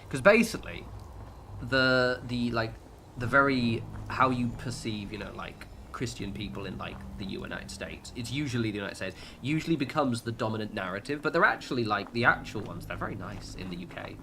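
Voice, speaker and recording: A man's voice: medium pitch, fairly quick, background noise. A British man chatting casually while livestreaming a game, rambling and sweary, with lots of fillers and restarts. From United Kingdom. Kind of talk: casual gaming livestream chat.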